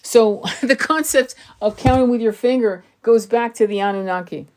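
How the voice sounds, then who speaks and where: A woman's voice: on the high side, normal speed. Woman host chatting live to viewers; blunt, profane, throat sore and tired, sentences often restarted. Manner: blunt, swears freely, many restarts. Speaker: tarot reader hosting a live stream. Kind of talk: casual livestream chat.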